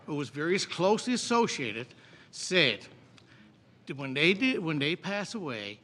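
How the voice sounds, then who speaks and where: A man, an opposition member in a committee debate, talking indignantly and slowing down to stress his words. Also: fairly high pitch, sing-song, bright, forceful tone. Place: legislative chamber.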